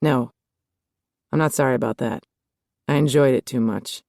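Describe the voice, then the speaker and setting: A woman voicing a gruff, guarded male cop who speaks low and tersely in an audiobook. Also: normal speed, darkish tone, no room sound, clean studio sound.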